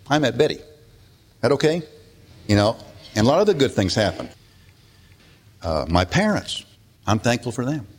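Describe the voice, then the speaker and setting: An older man delivers a sermon with a low voice and an easy, talking-to-friends manner. His pitch rises sharply when he leans into a point and then settles back down. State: emotional at times. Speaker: pastor.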